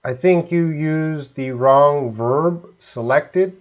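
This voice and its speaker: A Canadian man teaching English in a live stream, relaxed, explaining slowly with simple examples. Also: on the high side, dull audio.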